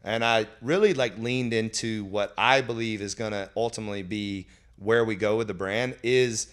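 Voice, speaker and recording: A man's voice: fairly low pitch, steady tone, moderate pace, a bit bright, clean tone. A man, a company founder, telling his story casually in an interview, rambling with lots of fillers. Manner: rambling, full of "like" and "you know" fillers.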